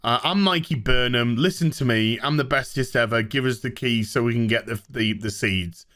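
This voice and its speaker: A man's voice: medium pitch, moderate pace, fairly bright tone, voice pushed down, natural voice. A man voicing a smug, self-praising female starship officer in a droning, mocking parody voice. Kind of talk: comedic parody voice.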